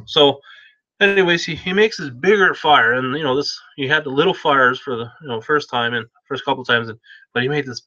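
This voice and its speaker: A man's voice: medium pitch, brisk, sharp tone, no room sound. A man telling a story in a casual, rambling way, with many restarts, on a dull lo-fi recording.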